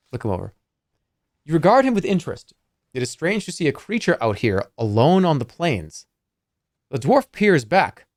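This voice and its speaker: A male streamer reading a fantasy game's text aloud in a playful, expressive way, with casual comments in between. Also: fairly high pitch, dry recording, clean studio sound.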